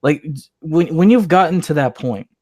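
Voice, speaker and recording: A man's voice: a little high, normal speed, dry recording, studio quality. A man in casual online chat, ranting crudely and mocking his critics from a home mic. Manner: crude, mocking, animated rants.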